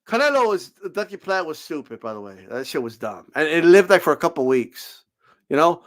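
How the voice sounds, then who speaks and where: A man with a high voice delivers a fired-up boxing rant. He swears freely and mocks his critics sarcastically, telling them to shut up. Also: sing-song, a little fast. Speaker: boxing commentator. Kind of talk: ranting commentary.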